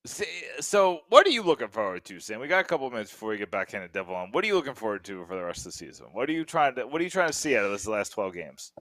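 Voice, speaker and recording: A man co-hosting a podcast, ranting in an animated, heated way. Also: lowish voice, rapid-fire, hardly any pauses, dry recording. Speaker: podcast co-host. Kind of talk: casual sports chat.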